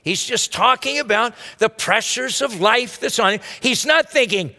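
Male pastor, high and expressive, conversational sermon, reverberant church sound. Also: normal speed. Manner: lively, conversational preaching with rhetorical asides.

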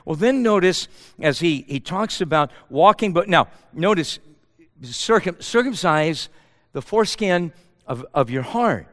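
A man's voice: on the high side, expressive, measured pace, fairly bright tone, long reverb tail. A man preaching a sermon to a church, asking rhetorical questions and stumbling into repeated words as he presses his point. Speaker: pastor.

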